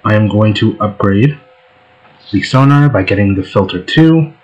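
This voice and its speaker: A man's voice: on the low side, expressive, moderate pace, highs cut off. A man hosting a let's play, giving casual gameplay commentary in a laid-back, joking way.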